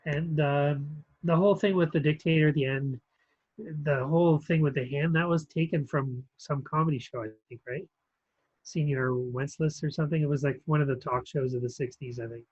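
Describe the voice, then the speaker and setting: A man's voice: a little high, steady tone, moderate pace, a little mellow, breathy edge, no echo, muffled recording. A man co-hosting a film review podcast, talking casually with many ums and restarts. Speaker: podcast co-host reviewing films. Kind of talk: casual chat.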